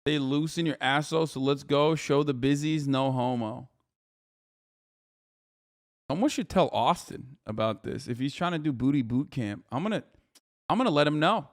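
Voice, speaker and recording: A man hosts a live stream in loose, crude, joking chat that wanders from point to point. His voice sits a little high for a man. The sound is dry and close, with no room behind it. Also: normal speed, pauses often, no room sound. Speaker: streamer host.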